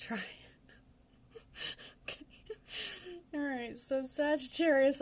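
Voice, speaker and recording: A woman's voice: on the high side, darkish tone, slight background noise. A talkative woman in her forties with a Southern accent hosts a tarot reading. Her delivery is casual and meandering, and she laughs often as she talks. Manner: chatty, rambling, laughs often. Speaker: tarot reader.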